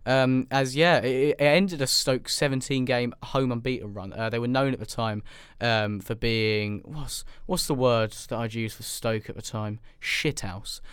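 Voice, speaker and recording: A man's voice: medium pitch, a little slow, few pauses, a bit bright, clean tone, no room sound. A young man co-hosting a casual football podcast in a studio, rambling and sarcastic with lots of ums. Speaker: podcast co-host.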